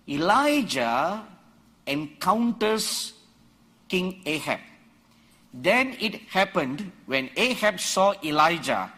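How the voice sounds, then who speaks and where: A man preaching a sermon, acting out biblical quotes and building to loud, shouted emphasis, with a husky voice. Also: on the high side. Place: church or conference hall.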